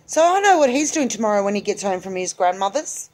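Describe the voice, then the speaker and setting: A woman's voice: medium pitch, very animated, a little fast, few pauses, a little mellow. A woman in her forties talking to camera in a casual solo vlog, rambling and candid, often breaking off and restarting her thoughts. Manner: rambling, self-interrupting, candid. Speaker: vlogger.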